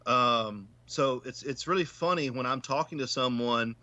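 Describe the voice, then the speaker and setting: This Southern-accented man has a mid-range voice at normal speed, pushed and bright, in a dry, lo-fi recording. As a paranormal investigator guesting on a podcast, he chats casually, working through ideas and tripping over repeated words.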